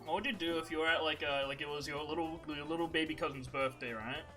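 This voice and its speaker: Bright-voiced man telling silly stories. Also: fairly high pitch, fast, faint music behind. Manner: animated storytelling, many fillers. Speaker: podcast host. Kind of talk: casual chat.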